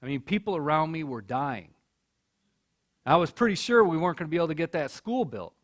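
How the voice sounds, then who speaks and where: A middle-aged man tells a story from a college stage in a somewhat high voice. He speaks earnestly and often repeats his words when the moment gets to him. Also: lively intonation, fairly quick. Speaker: keynote speaker. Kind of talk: storytelling speech. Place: college hall.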